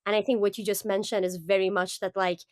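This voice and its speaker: A woman co-hosting a podcast in casual chat, earnest and animated, with lots of fillers. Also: medium pitch, fast talker, no echo, studio quality. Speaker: podcast co-host.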